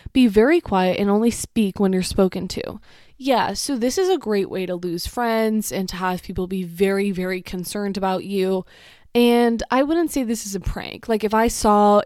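A woman's voice: medium pitch, a little mellow, dry recording, studio quality. Chatty, sarcastic young woman. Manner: chatty, sarcastic, lots of "like" and "you know". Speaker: vlogger. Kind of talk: casual commentary reading aloud.

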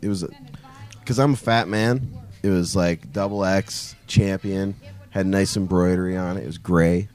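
A man's voice: deep voice, steady tone, normal speed, a little mellow, faint music behind. A man co-hosting a casual podcast, telling a story bluntly and crudely, acting out what people said. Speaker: podcast co-host.

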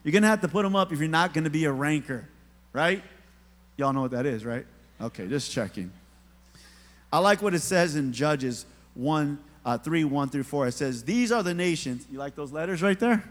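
Pastor preaching in a reverberant church. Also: male voice, a little high, lively intonation, normal speed. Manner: casual storytelling preaching with humor, talks to the congregation. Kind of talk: sermon. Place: church sanctuary. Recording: long hall reverb.

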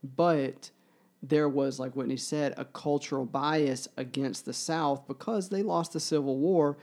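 A man in an earnest book discussion, talking in halting bursts full of fillers and restarts. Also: on the high side, steady tone, darkish tone. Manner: grows emotional while reading aloud.

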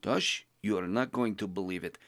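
A man's voice: fairly low pitch, moderate pace, a bit bright, no echo, clean studio sound. A man voicing a blunt foreign male adventurer who drops his articles and speaks broken English. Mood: puzzled. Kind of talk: podcast role-play.

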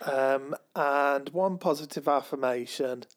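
A man co-hosting a podcast in casual chat, talking slowly with many ums and restarts. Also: medium pitch. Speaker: podcast co-host.

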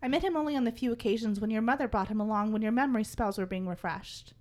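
Woman reading a proud, aloof warlock, fairly high voice, stiff and cool. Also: fast talker, close to an everyday voice.

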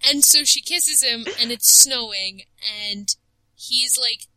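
A woman chats casually, recapping the story of a video game as an animated storyteller who laughs a lot and keeps saying "like." Her voice is on the high side and slow, with no room sound, and the recording quality is low.

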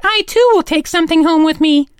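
A man voicing a young girl in a storybook reading, in a high piping falsetto. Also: fairly quick, no room sound, studio quality. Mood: eager. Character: frightened young girl, earnest and clever.

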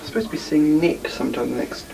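A man's voice: on the high side, fast talker, creaky, a little mellow, distant mic, low-quality recording. A man chats to his viewers in a rambling, self-deprecating way, full of ums and asides. He sits a bit back from the microphone, with faint hiss. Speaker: podcast host. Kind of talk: casual address to viewers.

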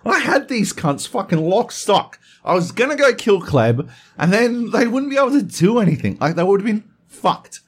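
A man's voice: sits high, big pitch swings, moderate pace, slightly rough. A man hosting a podcast in casual chat, swearing constantly and getting worked up as he tells a story. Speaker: podcast host.

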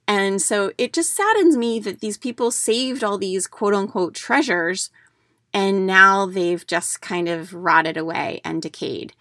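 A woman's voice: mid-range voice, unhurried, a bit bright, no echo. Chatty woman podcaster in a dry room. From United States. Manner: chatty storyteller with many fillers and restarts. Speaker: podcast host and declutter coach. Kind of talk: casual podcast talk.

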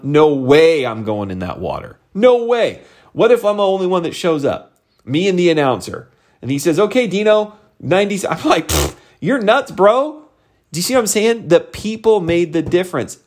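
Animated middle-aged man coaching his team. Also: brisk. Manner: animated, conversational, jumps high for emphasis. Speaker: sales team leader and coach. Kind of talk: motivational vlog talk.

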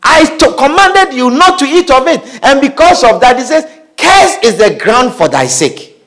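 A man's voice: very high-pitched, big pitch swings, normal speed, fairly bright tone. A man preaching a sermon, reading scripture aloud, repeating phrases and asking the congregation questions.

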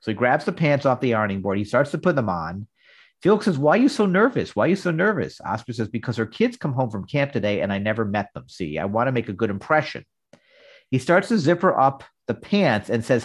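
Man briskly recapping a sitcom scene. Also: mid-range voice, big pitch swings. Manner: reads out dialogue in a brisk recap. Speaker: podcast co-host. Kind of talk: casual chat, recapping an episode.

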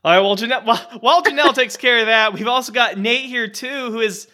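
Podcast host and game master, man, high bright voice, playful and teasing. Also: fast. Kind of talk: joking podcast intro among friends.

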